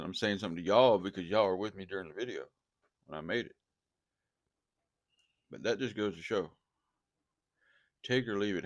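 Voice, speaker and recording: A man who preaches casually to his viewers, animated and repeating himself as he talks straight at them. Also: lowish voice, no room sound. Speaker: online preacher.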